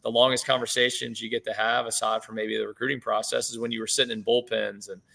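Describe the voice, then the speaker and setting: A man in his late thirties, a head baseball coach, telling stories in a relaxed interview over a video call, with many fillers and restarts. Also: mid-range voice, fast, vocal fry. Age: 30s. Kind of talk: casual interview chat.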